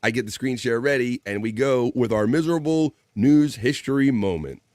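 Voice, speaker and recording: A man's voice: mid-range voice, moderate pace, darkish tone, no echo, studio quality. A man hosting a casual live stream show, rambling and laughing easily as he introduces clips. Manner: rambling, hums while searching, laughs easily.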